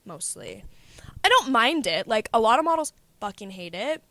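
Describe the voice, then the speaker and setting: A young woman from Canada talks as a podcast guest, her voice sitting a little high. She chats loosely, leaning on "like" and tossing in swear words. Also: sing-song, moderate pace, sharp tone, dry recording. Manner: chatty, swearing, lots of "like" fillers. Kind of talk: casual chat.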